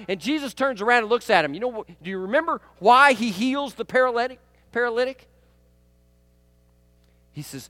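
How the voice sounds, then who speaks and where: A man's voice: sits high, a little fast, sharp tone, dry recording. A man preaching a sermon in a conversational way, often asking the congregation "right?" and laughing at his own stories. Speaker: pastor.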